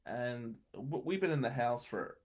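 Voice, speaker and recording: A man's voice: medium pitch, expressive, measured pace. A young man telling a rambling personal anecdote and laughing between lines. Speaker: storyteller. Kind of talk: casual anecdote.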